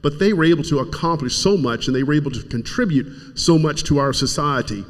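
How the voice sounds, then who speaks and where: A middle-aged Kentucky man with a slightly high voice talks fairly quickly, giving an emotional speech at a community event. He fights back tears as he urges the audience on, and the recording has the reverberant sound of a hall.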